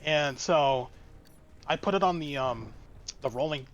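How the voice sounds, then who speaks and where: A man guest telling a work story in a casual, halting way, full of fillers and restarts. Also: a little high. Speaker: streamer guest.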